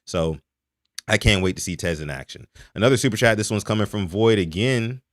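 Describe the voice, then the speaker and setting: A young man from Maryland hosting a live sports podcast, reading out donations and chatting with a lively, animated delivery. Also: on the low side, a little fast, dry recording, clean studio sound. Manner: animated, reads donations aloud. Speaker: podcast host. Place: home in Texas.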